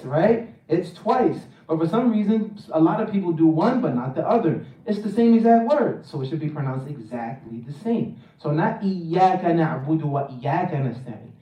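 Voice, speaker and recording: A man's voice: high voice, expressive, brisk, hardly any pauses, dark tone. A man teaching a Quran recitation workshop, drilling pronunciation and repeating words for the class to echo. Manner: chants the verse in a melodic recitation. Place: mosque hall. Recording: roomy echo, mic at a distance.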